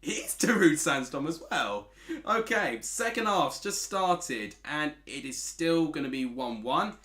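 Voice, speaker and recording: Chatty Essex man with a lively voice. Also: on the high side, measured pace, echoey room. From Essex, England. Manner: chatty, reads out chat messages. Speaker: streamer. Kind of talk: casual football watchalong commentary.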